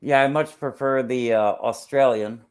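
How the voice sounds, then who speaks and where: A man chatting casually as a guest, talking in a halting, wordy way with many pauses and rather formal word choices. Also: mid-range voice, steady tone. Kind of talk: casual chat.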